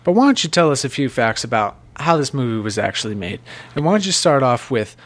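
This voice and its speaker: A man's voice: medium pitch, big pitch swings, fairly quick. A man co-hosting a film chat, explaining plots in a playful, chatty way. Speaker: podcast co-host. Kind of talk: casual chat.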